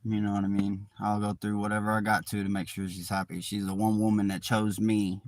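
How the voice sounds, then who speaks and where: A man's voice: fairly low pitch, flat delivery, a little fast, no echo. A man hosting a casual live stream, laid-back and chiming in with short replies.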